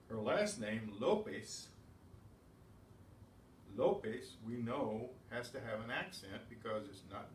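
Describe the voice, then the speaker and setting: A man's voice: mid-range voice, recorded from a distance. A man teaches a beginners' class, walking through each point patiently and answering his own questions. He is heard from across an echoey room, with faint background noise. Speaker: Spanish teacher. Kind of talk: classroom lesson.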